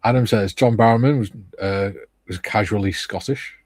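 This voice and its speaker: A man's voice: fairly low pitch, normal speed, dry recording. A man hosting a live chat stream, easygoing and casually reading out viewers' comments. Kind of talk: casual chat while painting models.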